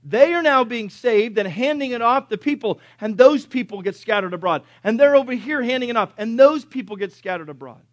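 A pastor preaching a sermon, animated and punchy, acting out biblical characters in different voices. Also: male voice, extremely high pitch, brisk, few pauses, dry recording. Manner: punchy, swings between loud and soft.

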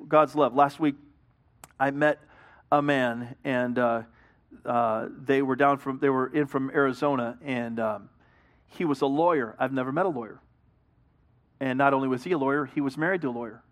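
A man's voice: medium pitch, steady tone, normal speed, long pauses. A middle-aged man, a pastor, preaching a sermon in an earnest, conversational way, telling a story and acting out both sides of a talk.

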